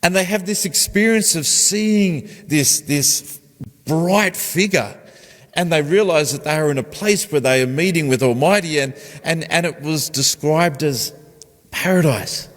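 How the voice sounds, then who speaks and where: A man's voice: a little high, a little slow. A man, a pastor preaching a conversational sermon and putting questions to his congregation. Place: church. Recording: long church reverb.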